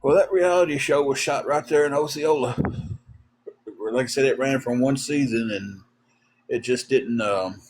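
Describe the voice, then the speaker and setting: A man hosting a livestream, telling stories in a rambling, halting way with lots of fillers. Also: medium pitch, a little mellow, slight background noise. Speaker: livestream host. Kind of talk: casual storytelling chat.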